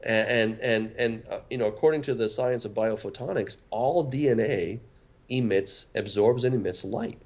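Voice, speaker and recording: A man's voice: mid-range voice, moderate pace, a little mellow. A man, a pastor and author, talking earnestly as a radio interview guest, often repeating words as he starts a thought.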